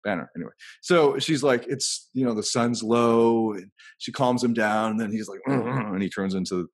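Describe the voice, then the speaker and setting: A man's voice: on the low side, normal speed. A man hosting a casual podcast conversation, rambling and thinking aloud as he tells anecdotes.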